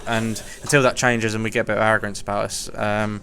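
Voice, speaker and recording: An English man on a fan panel, speaking in a measured, hesitant way. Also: fairly low pitch, flat delivery, a bit bright. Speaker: panel guest.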